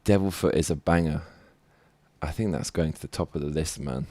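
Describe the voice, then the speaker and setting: A man's voice: a bass voice, fairly quick, a little mellow, no echo. A man working in a music studio during a live stream, muttering half to himself and humming melody ideas between sudden bursts of hype. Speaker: rapper and producer.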